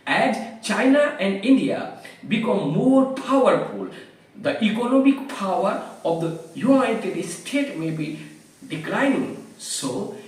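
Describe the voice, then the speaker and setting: A man giving a careful English vocabulary lesson, explaining each word slowly with examples. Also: sits high, sing-song. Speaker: English teacher. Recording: very echoey room, voice far from the mic.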